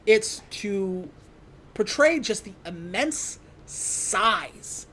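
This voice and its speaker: A woman's voice: mid-range voice, expressive, drawn-out words, a bit bright, slight background noise. A young woman hosting a podcast, casually recapping a film with lots of laughter and goofy quoted voices. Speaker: podcast host. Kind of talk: casual movie recap chat.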